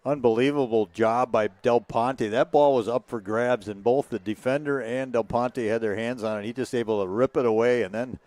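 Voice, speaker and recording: A man giving relaxed, folksy color commentary on a live radio broadcast of a high school football game. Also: normal speed, hardly any pauses.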